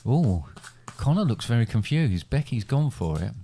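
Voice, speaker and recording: A man's voice: mid-range voice, sing-song, normal speed, mellow, a little hiss or hum. A middle-aged man hosting a casual family podcast, running a quiz with playful game-show build-up. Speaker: podcast host, quiz master.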